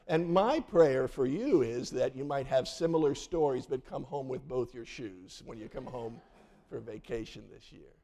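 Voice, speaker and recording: A pastor in his sixties, with a mid-range, darkish voice and some vocal fry, tells a childhood story during a sermon. He acts out the people in it, voicing the family members in the tale.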